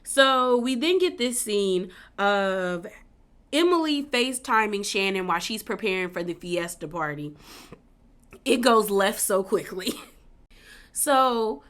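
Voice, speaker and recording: A woman's voice: medium pitch, expressive, slow, fairly bright tone. A woman giving a casual, chatty video recap of a reality show, full of fillers and acting out what people said. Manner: chatty, many fillers, acts out quotes.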